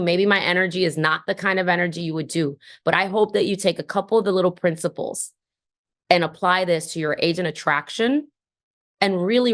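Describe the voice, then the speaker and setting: Animated woman telling stories on a video call. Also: on the low side. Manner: animated storytelling, acting out phone calls. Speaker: team leader sharing recruiting tips. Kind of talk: energetic motivational talk on a video call.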